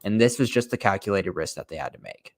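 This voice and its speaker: A young man in his twenties co-hosting a casual sports podcast, talking in an animated, rambling way full of "like" fillers. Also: fairly low pitch, fast, vocal fry. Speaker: podcast co-host. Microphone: streamed podcast mic.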